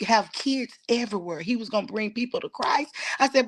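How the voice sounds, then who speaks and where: A woman's voice: fairly high pitch, fairly quick, few pauses, a bit bright. A woman telling a heartfelt personal story as a guest, at times dropping to a whisper and at times pleading, with speech. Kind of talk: emotional personal testimony.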